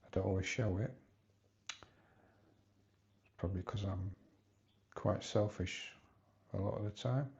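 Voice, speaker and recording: Low, gravelly man in his fifties, halting confessional vlogger, dull lo-fi sound. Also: darkish tone. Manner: hesitant, halting, rambling with restarts. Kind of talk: personal confessional vlog.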